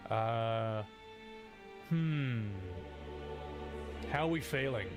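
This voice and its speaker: A man's voice: medium pitch, drawn-out words. A man in his forties chatting casually and upbeat with viewers on a live stream. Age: 40s. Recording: stream with background music.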